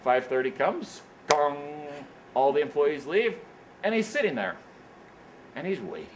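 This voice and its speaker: A man gives a lively, anecdote-driven motivational speech at an engineering career event in an indoor meeting room, often repeating "what happens is, is that." His voice is fairly high and his pace a little slow, with background noise present.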